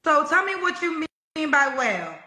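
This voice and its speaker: A woman interviews a talk show guest, pressing her with matter-of-fact questions. Her voice is high and sharp, and the room rings with echo. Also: big pitch swings, normal speed.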